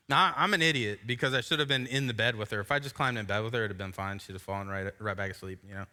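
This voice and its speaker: Pastor, thirties, male, very bright tone, loose self-mocking sermon delivery in a church. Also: medium pitch, fast. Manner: casual and self-mocking storytelling. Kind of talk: sermon with personal story. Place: church sanctuary.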